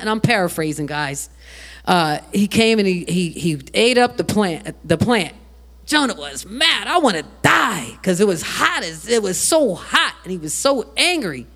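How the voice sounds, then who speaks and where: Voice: medium pitch, lively intonation, a little slow, a bit bright. A preacher delivering a sermon, talking animatedly to the congregation, often repeating words and asking questions.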